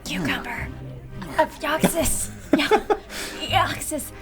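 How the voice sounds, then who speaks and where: Eager high-voiced lady at the game table, kinda halting, music behind. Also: sing-song. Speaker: player. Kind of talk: casual chat in a tabletop game.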